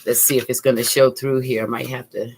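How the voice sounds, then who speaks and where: A woman's voice: very deep voice, flat delivery, quick pace, vocal fry, darkish tone, breathy edge. A middle-aged woman, hosting a live craft tutorial and chatting with viewers in an upbeat way as she works at her desk. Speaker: art teacher, channel host. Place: home craft desk, indoors.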